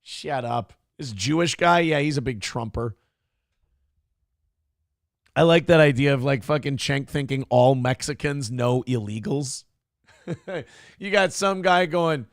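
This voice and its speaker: A man's voice: mid-range voice, a little slow, pauses often, no room sound, studio quality. A male show host giving crude, mocking casual commentary on video clips and laughing often.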